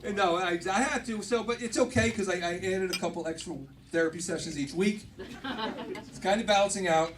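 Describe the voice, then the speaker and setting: A man's voice: sits high, a little fast, noisy background. A middle-aged man hosting a comedy club night, doing stand-up with rambling, self-interrupting punchlines. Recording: distant mic, loud live audience. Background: audience laughter.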